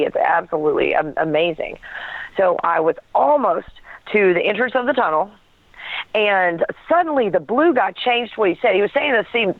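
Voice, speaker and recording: Woman guest, lively storyteller who acts out dialogue, heard over a thin phone line. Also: on the low side, dry recording. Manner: animated storytelling with laughs and acted quotes. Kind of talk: telling a personal story.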